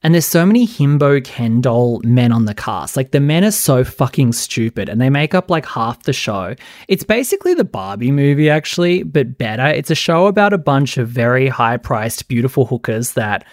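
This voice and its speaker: A man's voice: mid-range voice, sing-song, moderate pace, darkish tone, no echo, clean studio sound. A man hosting a podcast, chatting casually and sarcastically about reality TV with a constant stream of "like". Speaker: podcast host. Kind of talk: casual solo pop-culture commentary.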